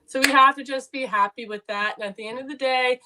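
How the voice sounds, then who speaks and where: A woman's voice: sits high, fairly even intonation, fast talker, sharp tone. A woman co-hosting a sports betting show, chatting casually in a joking, rambling, self-deprecating way. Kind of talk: casual live sports chat.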